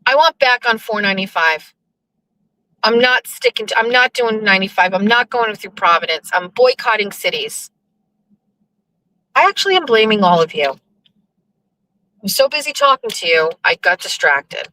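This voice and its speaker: A woman's voice: mid-range voice, animated, moderate pace, long pauses, bright, forceful tone, rough recording. Rambling, cursing woman host. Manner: rambling, profane, exasperated. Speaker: show host. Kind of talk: casual live chat while driving.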